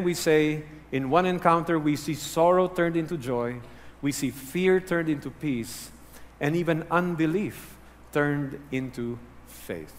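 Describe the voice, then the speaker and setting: A male pastor delivers an earnest, teaching sermon in a somewhat high voice. He sinks low and soft to press key words home. The sound carries a long echo from a large hall.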